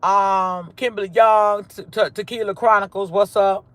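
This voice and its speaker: High-voiced profane livestream host. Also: male voice, steady tone, moderate pace, no room sound. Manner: profane, swings between loud greetings and low mutters. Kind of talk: casual livestream roll call.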